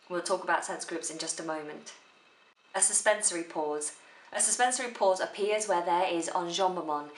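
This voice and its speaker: A woman giving a spoken theory lesson for a drama exam, explaining slowly and deliberately. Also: fairly low pitch, a little hiss or hum. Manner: slow, careful, deliberate delivery. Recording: echoey room.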